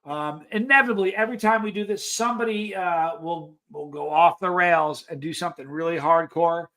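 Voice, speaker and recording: Rambling high-voiced man hosting a live stream. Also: moderate pace, sharp tone. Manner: rambling storyteller, reads chat aloud. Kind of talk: casual live-stream chat.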